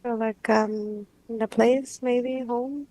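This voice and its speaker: A woman client under hypnosis describing what she sees in a hesitant, halting way, full of pauses. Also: on the high side, steady tone, mellow, rough recording. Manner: hesitant, halting, dreamy speech with pauses and restarts.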